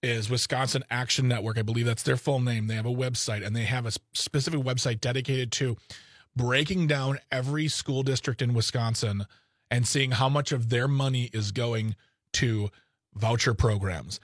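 A man hosting a political talk radio show, measured and informative as he points listeners to resources. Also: medium pitch, steady tone, no room sound, studio quality. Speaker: radio host.

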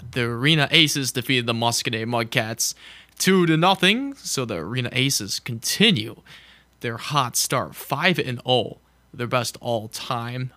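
Bright-voiced chatty male radio host. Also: medium pitch, no room sound. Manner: chatty, jokes at himself and laughs. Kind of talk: casual sports recap on radio. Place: small radio studio.

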